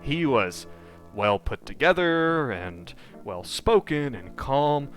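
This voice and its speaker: A man acting as game master narrates a horror tabletop game in a halting way, full of fillers, often dropping to a hush. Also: medium pitch, big pitch swings, soft background music.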